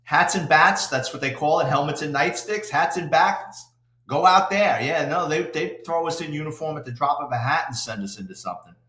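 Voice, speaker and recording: An older man, a retired police detective telling salty, animated stories in an interview. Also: fairly high pitch, moderate pace. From New York City. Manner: salty, animated anecdote-telling with acted-out quotes. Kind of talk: storytelling interview. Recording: roomy echo.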